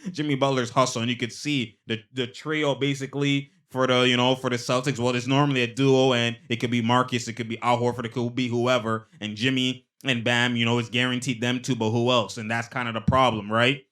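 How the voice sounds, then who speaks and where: Excitable slangy man breaking down replays. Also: mid-range voice, fairly quick. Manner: excitable, slangy, laughs often between remarks. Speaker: host. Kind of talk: casual basketball replay breakdown.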